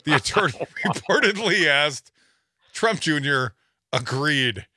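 A man's voice: fairly high pitch, expressive, slow, sharp tone, no echo. A man hosting a talk radio show, reading news stories with sarcastic asides and a wry, laughing delivery into a studio microphone.

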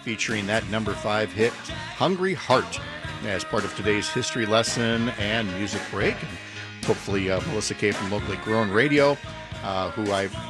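A male morning radio host chatting casually and rambling a little. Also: fairly low pitch. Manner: chatty, rambling, self-deprecating. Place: radio studio. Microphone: studio microphone.

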